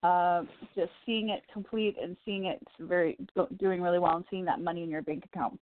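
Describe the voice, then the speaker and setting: A woman's voice: fairly low pitch, fairly even intonation, fairly quick. Chatty woman reading cards on a phone line. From Chicago. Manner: warm encouraging, chatty with laughs. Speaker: radio psychic reader and host. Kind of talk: call-in card reading. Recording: tinny phone-line sound, dry.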